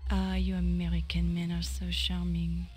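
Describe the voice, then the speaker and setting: A woman's voice: fairly low pitch, completely flat delivery, normal speed, darkish tone, a little hiss or hum, close to an everyday voice. Woman playing a flirty French maid. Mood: doting. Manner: coquettish, doting. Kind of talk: 1990s game voice acting.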